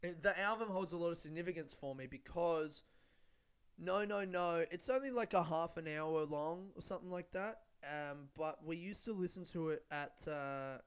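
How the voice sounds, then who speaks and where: With a smooth, high-leaning voice and a moderate pace, a podcast host talks alone into his studio-style mic. He rambles casually, swearing frequently and making himself the butt of his jokes.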